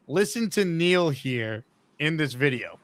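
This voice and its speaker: A man hosting a sports podcast, excitable and laughing often as he narrates clips. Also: fairly high pitch, unhurried, no room sound. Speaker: podcast host. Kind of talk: casual sports chat.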